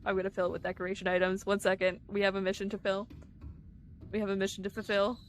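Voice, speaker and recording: A woman's voice: mid-range voice, monotone, quick pace, a little hiss or hum. A woman streamer chatting casually with her viewers while playing a game live, giggling often. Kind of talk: live-streamed gameplay chat.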